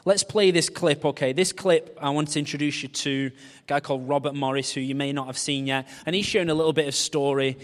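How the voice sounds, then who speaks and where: Male preacher, 30s, high-ish voice, comic storyteller, hall reverb. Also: a little fast. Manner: humorous storytelling, animated voices for quoted people. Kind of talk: sermon. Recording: long reverb of a large hall.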